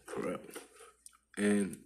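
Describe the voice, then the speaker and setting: A man casually telling a personal story in loose street slang, dropping to a hush and then rising with excitement. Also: very slow. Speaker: vlogger. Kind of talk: casual spiritual storytelling monologue.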